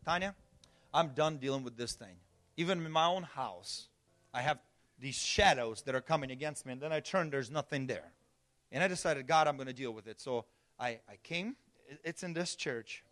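A man preaching a sermon as pastor, telling a personal story and swinging from hushed, low-pitched talk to loud, high shouts.

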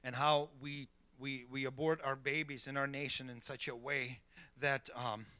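A man's voice: mid-range voice, little pitch movement, normal speed, pushed and bright, clear, resonant tone, no room sound. A middle-aged man preaching a sermon as pastor, emphatic, checking in with the congregation with repeated "okay?" and "amen.".

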